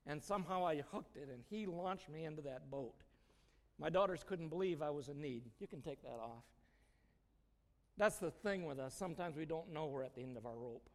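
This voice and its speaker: Middle-aged male church speaker, folksy storyteller, slightly high voice, reverberant hall. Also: expressive, normal speed. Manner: folksy, storytelling, chuckles often. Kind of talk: informal sermon with personal stories.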